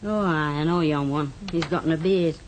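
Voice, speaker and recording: An actress playing a blunt older aunt, full of tart dialect sayings. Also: female voice, low-pitched, moderate pace, a little hiss or hum, lightly acted, rough recording. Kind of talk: radio drama.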